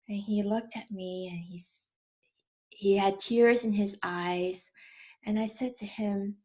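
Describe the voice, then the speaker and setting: A woman in her thirties gently telling a personal story about her young son, in a casual, unhurried way. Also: mid-range voice, steady tone.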